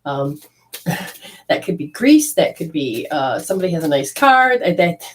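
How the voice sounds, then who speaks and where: A woman's voice: sits low, big pitch swings, measured pace, low-quality recording. A woman giving an intuitive card reading to a caller. She rambles and restarts often, and affectionately calls her listener honey. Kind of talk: spiritual reading and coaching.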